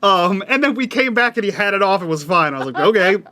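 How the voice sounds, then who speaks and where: A man playing a tabletop game, retelling events in an animated, joking way. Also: high-pitched, quick pace. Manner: animated storytelling. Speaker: player.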